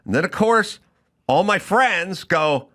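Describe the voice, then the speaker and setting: A man hosting a comedy talk show, telling an animated, ranting story in a studio. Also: high voice, slow pace, noisy background. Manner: animated, ranting, yelling in retold scenes. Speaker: host.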